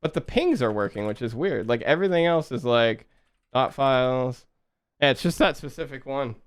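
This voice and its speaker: A young man chatting casually with his viewers while coding on a live stream, relaxed and quick to laugh. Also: mid-range voice, smooth, no echo, studio quality. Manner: laid-back, chatty, laughs often, talks to chat.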